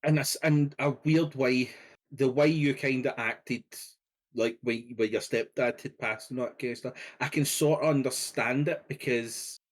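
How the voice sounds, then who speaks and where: A man's voice: medium pitch, steady tone, normal speed. A man co-hosting a podcast, answering his friend in a thoughtful, hedging way. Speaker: podcast co-host. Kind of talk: casual chat.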